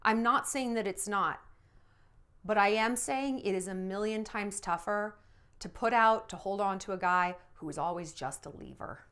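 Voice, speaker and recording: A woman's voice: mid-range voice, normal speed, a bit bright, clean tone. A woman in her thirties giving blunt, sassy dating advice straight to the viewer, acting out quoted voices with big swings. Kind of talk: direct-to-camera advice talk.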